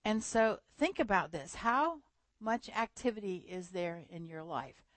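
A woman preaching a sermon in a lively storytelling manner, often laughing. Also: lowish voice, no echo.

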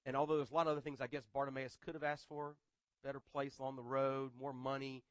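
A man's voice: medium pitch, little pitch movement, fast, clear, resonant tone, dry recording. A man preaching a sermon in a conversational way, often repeating words and adding humorous asides. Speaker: pastor.

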